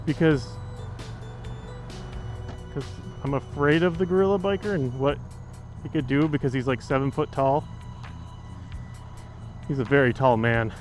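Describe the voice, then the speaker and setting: A man's voice: medium pitch, unhurried, pauses often, soft background music. A man chatting casually while riding a motorcycle outdoors, joking and rambling with lots of fillers, into a helmet mic. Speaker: motovlogger.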